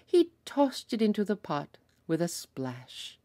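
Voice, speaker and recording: A young woman preschool teacher reading a picture book aloud in an animated storytelling voice. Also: mid-range voice, takes it slowly, no echo.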